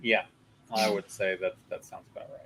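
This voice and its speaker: A man in a casual tabletop session, thinking his moves through aloud with an easygoing drift of ums. His voice sits fairly low. A faint hiss of noise lies behind him. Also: little pitch movement, brisk, sharp tone, rough recording. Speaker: player. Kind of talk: casual tabletop play over a call.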